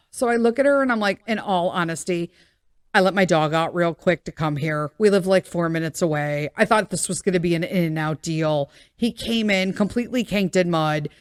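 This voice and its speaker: A woman's voice: on the low side, moderate pace, no room sound, studio quality. A middle-aged woman hosting a podcast, telling a casual story with many fillers and acting out the voices she quotes. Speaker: podcast host.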